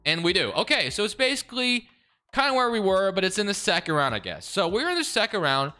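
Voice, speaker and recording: A man's voice: high-pitched, very animated, quick pace, bright, forceful tone, faint music behind. A young man hosting his gaming channel, giving casual, sarcastic commentary over gameplay from a desk mic at home. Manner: casual, exasperated, sarcastic about the game. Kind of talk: video game commentary.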